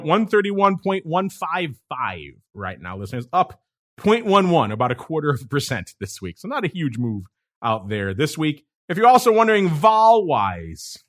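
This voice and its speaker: A man hosting a podcast, giving playful, animated market commentary and rattling off numbers. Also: on the high side. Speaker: host.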